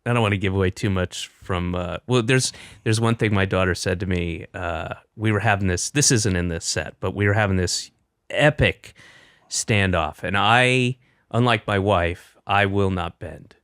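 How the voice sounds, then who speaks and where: A man's voice: low voice, normal speed, a bit bright, smooth, no echo, studio quality. A middle-aged man, a comedian, chatting casually and telling a rambling story with offhand swearing. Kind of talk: casual chat.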